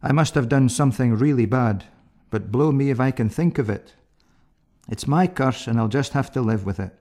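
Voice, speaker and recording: A man's voice: mid-range voice, moderate pace, warm tone, lightly acted. A man voicing a nervous, complaining paralyzed man who is being carried. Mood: grumbling. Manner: complaining, jokey.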